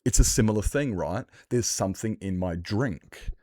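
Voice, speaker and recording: A man's voice: fairly low pitch, normal speed, warm tone, dry recording, clean studio sound. A man chatting casually and swearing while he streams a game, breaking into laughter as he tells stories. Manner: sweary, storytelling, laughs often. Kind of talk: casual gaming stream chat.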